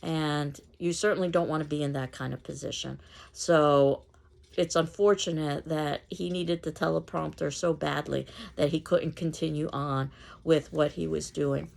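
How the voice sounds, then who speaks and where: Woman, New York accent, low voice, gravelly, steady recorded lecture. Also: normal speed. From New York City. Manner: clear, steady explanatory delivery with occasional fillers. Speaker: public speaking instructor.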